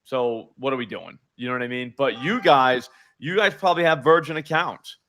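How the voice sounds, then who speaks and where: With a mid-range voice, this man runs a live sports betting broadcast, talking fast and animatedly about his picks in a loose style full of fillers.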